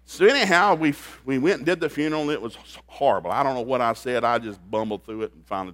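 A man preaching a sermon, telling stories in an animated way and laughing at them. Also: mid-range voice, fast talker, few pauses, no echo. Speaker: pastor. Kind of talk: storytelling sermon.

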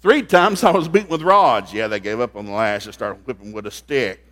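Man preacher, mid-pitched voice, folksy comic delivery with hushed asides and sudden loud bursts during a church service. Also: brisk. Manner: folksy, joking, swings from low asides to loud outbursts. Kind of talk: comedic sermon.

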